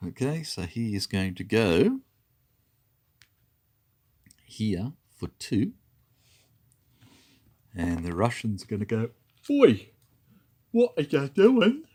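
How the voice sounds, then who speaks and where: Brief: man with an extremely low voice and a lively, swinging delivery, unhurried, narrating a board game turn step by step. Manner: methodical, counts moves and dice aloud. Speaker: tabletop wargame player.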